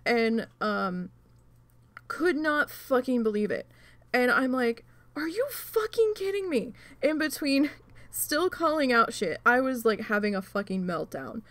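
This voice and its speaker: Animated, foul-mouthed higher-voiced woman. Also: a little slow, dry recording. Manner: animated, heavy swearing. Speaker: channel host. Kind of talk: casual storytelling while crafting.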